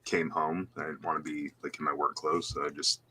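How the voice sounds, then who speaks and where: A man's voice: rumbling low, flat delivery, a little fast, noisy background. An easygoing man chatting as a guest on a livestream over a video call, saying "like" a lot. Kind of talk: casual chat.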